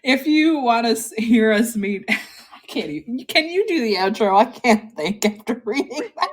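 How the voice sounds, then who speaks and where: A woman co-hosting a podcast in casual chat, reading comments aloud with animated delivery and frequent laughter. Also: on the high side, normal speed. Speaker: podcast co-host.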